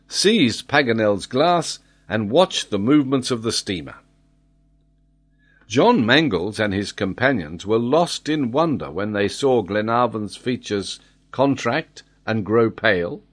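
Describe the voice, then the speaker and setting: Male audiobook narrator, dramatic delivery, unhurried, lively pitch. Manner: expressive, dramatic reading. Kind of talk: reading a classic novel aloud.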